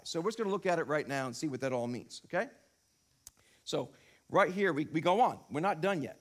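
Middle-aged male pastor, high tenor voice, lively sermon delivery, punches key lines. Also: a little fast. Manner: animated, rising to emphatic peaks, rhetorical questions. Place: church sanctuary.

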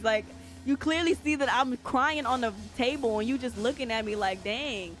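A woman's voice: a little high, normal speed, faint music behind. A young woman streaming a game live, rambling and joking casually with her chat, with lots of filler words. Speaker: gaming streamer.

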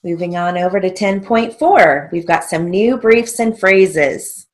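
A woman giving a stenography lesson, dictating each phrase at a very slow, deliberate pace. Her voice sits a little low, and she stays patient and methodical, spelling out letters and pausing to check understanding. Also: animated. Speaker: stenography teacher.

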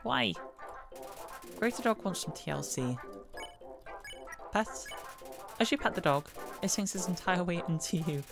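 Gushing woman gamer with lively pitch. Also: measured pace, creaky, long pauses, over music. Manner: gushing and playful, squeals over dogs. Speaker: let's play gamer. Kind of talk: casual gameplay commentary, reading game text aloud.

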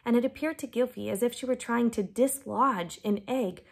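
A woman reading chapters of a children's novel aloud, raising her pitch for the characters' quoted lines. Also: moderate pace, gravelly. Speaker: reader.

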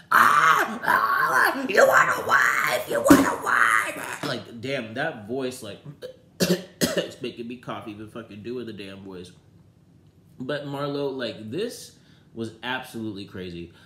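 A man giving a casual, sassy and profane review of a reality TV episode, swinging from low muttering to loud outbursts. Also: roomy sound, a little hiss or hum.

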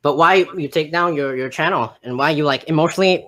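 A man's voice: on the high side, a little fast, bright, forceful tone. Stammering argumentative man. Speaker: guest on a live stream. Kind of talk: heated live-stream debate.

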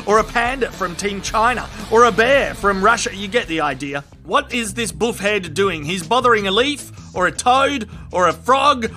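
Excitable Australian man, bright comic commentary. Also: high voice, normal speed, few pauses, soft background music. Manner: crude, excitable, slangy running commentary. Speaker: comedic video commentator. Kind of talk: comedic voice-over commentary on viral clips.

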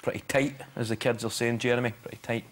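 A man's voice: mid-range voice, fairly even intonation, fast talker, heavy background noise. A man with a Glaswegian accent, a panelist throwing offhand, wry quips in comic banter. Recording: TV studio with loud audience.

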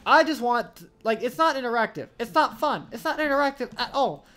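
Guy ranting over his game, cursing nonstop, voice swinging all over, quiet music behind. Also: very high-pitched, lively intonation, fairly quick. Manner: profane, exasperated ranting. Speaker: gamer streaming his match. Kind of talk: live gameplay commentary.

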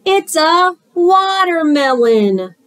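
Picture-book hare, male, eager and quick, high exclaiming voice, as a woman reading aloud puts him on. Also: very animated, no echo, exaggerated voice. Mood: exasperated. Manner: bright, exclaiming, high-pitched.

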